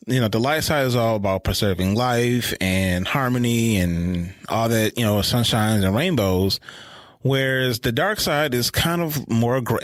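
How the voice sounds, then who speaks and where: A man co-hosting a podcast in casual chat, animated as he recaps scenes and laughs often. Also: mid-range voice, no room sound. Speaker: podcast co-host.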